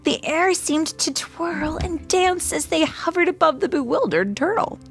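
A woman's voice: extremely high pitch, soft background music. A woman reading a storybook aloud to a child, stopping now and then to chat about the story. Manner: slow, animated, stops to chat with the child.

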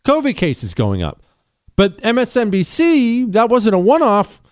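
A man's voice: high-pitched, wildly swooping pitch, unhurried. A man hosting a talk radio show, blunt and sarcastic in his opinionated monologue.

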